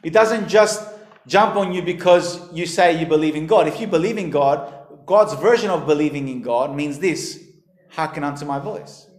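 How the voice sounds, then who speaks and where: High-voiced preacher guy, emphatic sermon, roomy echo. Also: moderate pace. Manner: emphatic, rises and drops in pitch and volume. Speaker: pastor. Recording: echoey hall.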